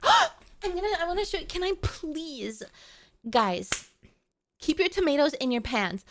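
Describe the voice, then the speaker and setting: A woman's voice: high-pitched, very animated, unhurried, a bit bright, a little hiss or hum. A woman streamer chatting casually with her live chat, playful and melodramatic, often pleading with viewers.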